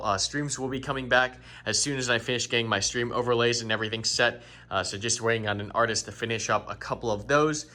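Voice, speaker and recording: Bright-voiced young man touring his gaming room. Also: medium pitch. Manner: easygoing, grateful, loose with fillers. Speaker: gaming YouTuber and streamer. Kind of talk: casual setup tour. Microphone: studio condenser mic on an arm.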